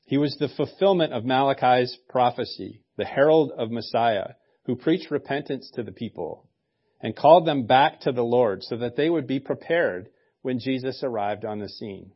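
A man's voice: mid-range voice, expressive, normal speed, dull audio. A male pastor preaching a sermon in a conversational way, with joking asides.

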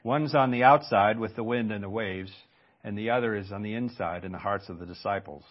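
A man's voice: lowish voice, fairly quick, highs cut off. Man preaching a conversational sermon. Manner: conversational preaching with rhetorical asides. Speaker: pastor.

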